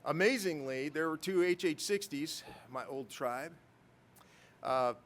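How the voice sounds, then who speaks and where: A man's voice: on the high side, unhurried, fairly bright tone. A middle-aged man, a military pilot, giving a storytelling speech at a ceremony with self-deprecating humor and chuckles. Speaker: guest speaker, military pilot.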